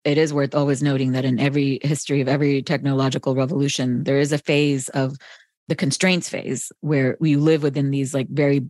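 A woman's voice: extremely low pitch, level tone, brisk, a little mellow, no echo, clean studio sound. A woman hosting a podcast, curious and chatty, fond of telling fun facts. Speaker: podcast host. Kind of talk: casual conversational discussion.

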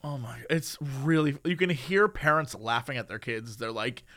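A man from Los Angeles co-hosting a casual chat, animated and joking, laughing often. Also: medium pitch, moderate pace.

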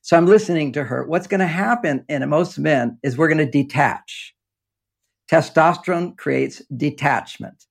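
A man's voice: on the high side, a little slow, creaky. An older man talking in a rambling, explanatory way in a casual interview, often breaking into laughter, speaking from an underground home office. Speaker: relationship author and guest.

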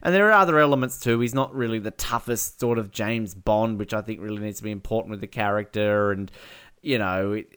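A man's voice: on the low side, a little fast, fairly bright tone, clean tone. Laughing, rambling podcast co-host man. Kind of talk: casual chat.

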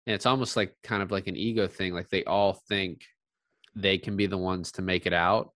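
A man co-hosting a casual podcast chat about a film, blunt and animated, often swearing and quoting scenes. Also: low-pitched, brisk, dry recording. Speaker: podcast co-host.

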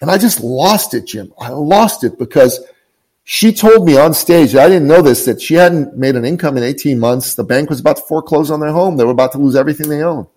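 A man's voice: a little high, brisk, darkish tone, rough recording. Earnest man telling a motivating story. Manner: earnest, emphatic, repeats phrases. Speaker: guest, business coach. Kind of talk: inspirational storytelling.

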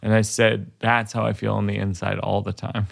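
A man's voice: lowish voice, little pitch movement, moderate pace, creaky. A man in his forties, a stand-up comedian, telling a rambling, self-deprecating story in casual chat while working through jokes. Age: 40s.

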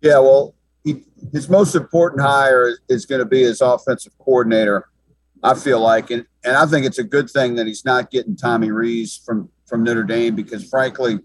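A man's voice: medium pitch, steady tone, moderate pace, dry recording, poor audio. A man giving sports talk commentary as an analyst, emphatic and often repeating words as he thinks.

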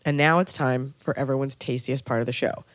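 A woman's voice: extremely low pitch, fairly even intonation, fairly quick, no echo. A woman hosting a comedic podcast chat, wry and profane, tossing off jokes and asides. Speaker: podcast host.

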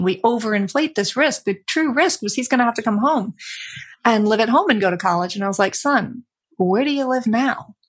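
Breathy middle-aged woman telling a story. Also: medium pitch. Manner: candid, reflective, animated when quoting family. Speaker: interview guest, author. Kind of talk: conversational storytelling.

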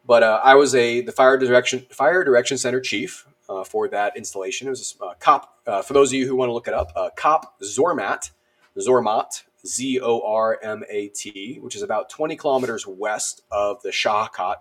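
Guy on a podcast telling an army story, lively and jokey, lots of uhs. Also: medium pitch, normal speed. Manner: animated, self-deprecating, many fillers. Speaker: podcast guest. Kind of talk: casual storytelling.

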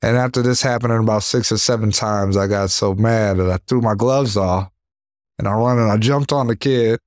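Man, deep low voice, dry close sound, animated storyteller, keeps saying you know what I mean. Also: moderate pace, no room sound. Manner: animated storyteller, acts out punches with sound words. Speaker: professional boxer, interview guest. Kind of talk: casual interview storytelling.

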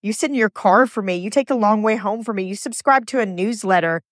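A woman's voice: mid-range voice, brisk, no echo. Earnest woman, dry close mic. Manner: emotional, earnest, stumbles and repeats words. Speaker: podcast host. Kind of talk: heartfelt solo podcast monologue.

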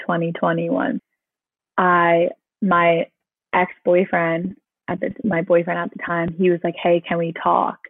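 Young woman guest, chatty storyteller, fills her talk with "like", slightly low voice, phone-line sound. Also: creaky, no echo. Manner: chatty, peppered with "like". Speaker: guest sharing her testimony. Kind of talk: casual personal storytelling.

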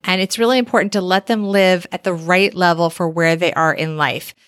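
A middle-aged woman in casual conversation, telling animated stories and acting out what others said. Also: lowish voice, brisk, smooth, dry recording, clean studio sound. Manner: animated storytelling, acts out quoted voices. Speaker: podcast host and author. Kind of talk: casual chat.

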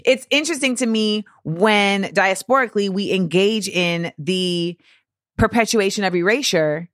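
A woman's voice: medium pitch, dry recording, clean studio sound. American woman hosting a chat podcast. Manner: quick reactions, laughing asides. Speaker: podcast host.

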